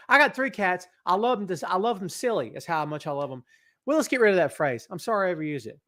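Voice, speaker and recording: With a high, sharp voice, big pitch swings and fast delivery, a man hosts a live wrestling talk show from his office. On his podcast mic he jokes around and reads live-stream viewer comments aloud.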